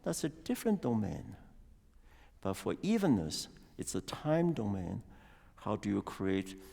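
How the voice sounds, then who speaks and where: A man coaching a piano student in a concert hall, his low voice rising and falling in a lively way with a gravelly edge. He sings rhythms aloud and explains patiently, and the sound rings with a long hall reverb. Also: measured pace. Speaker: piano master class teacher. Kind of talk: master class coaching.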